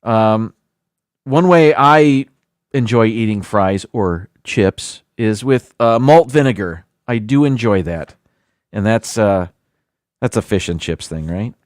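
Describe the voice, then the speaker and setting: Male streamer, casual and animated, reads a list with offhand jokes; dry close mic. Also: lowish voice, slow, dry recording. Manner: chatty, self-deprecating, stumbles over foreign words. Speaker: livestream host. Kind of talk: casual livestream chat, reading a list aloud.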